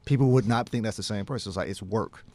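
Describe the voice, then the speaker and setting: Thirties male musician guest, low-pitched, dry close studio mic, casual anecdotal delivery that acts out remembered dialogue. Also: fast, a little mellow, no echo. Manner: storytelling, acting out his own past dialogue. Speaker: jazz pianist guest and teacher. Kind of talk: casual radio interview. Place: radio studio.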